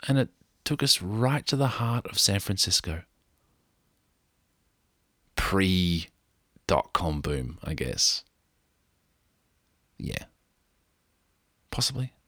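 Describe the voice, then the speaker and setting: A middle-aged Australian man rambles through a travel story in a casual monologue, cracking jokes at his own expense. His low voice swings widely in pitch, moving slowly with long pauses and a slightly bright edge. The recording is dry and studio quality.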